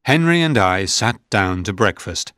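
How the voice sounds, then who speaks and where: Male storybook narrator, measured and plain, low pitch, dry close audio. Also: lively intonation, pushed and bright, dry recording.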